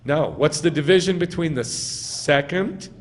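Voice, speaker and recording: A rabbi with a voice on the high side speaks unhurriedly during a teaching sermon in a synagogue sanctuary. He puts questions to his congregation and answers them himself, stressing words emphatically, while long reverb fills the hall.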